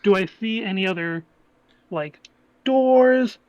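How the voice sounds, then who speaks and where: A man playing a tabletop game, excitable and stumbling over his words. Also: sits high, slow pace, dry recording, muffled recording. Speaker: player. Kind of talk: casual tabletop play.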